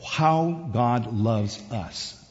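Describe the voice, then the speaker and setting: A man's voice: medium pitch, expressive, very slow, a little mellow. Man preaching in a reverberant hall. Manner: conversational preaching, rising to emphatic peaks. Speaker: pastor. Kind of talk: sermon. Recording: dull distant sound in a reverberant hall.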